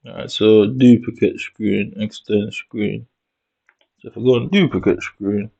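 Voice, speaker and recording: A man's voice: fairly low pitch, creaky, dark tone. A man from Jamaica with a Jamaican accent, muttering to himself with swearing and slang as he comments casually on his screen. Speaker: vlogger. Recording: dull lo-fi recording.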